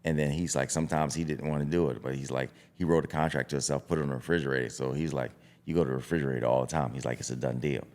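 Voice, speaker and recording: An extremely low-pitched voice comes from a middle-aged boxing coach who talks rapid-fire with few pauses. On this casual podcast he is blunt and animated, voicing out his self-talk.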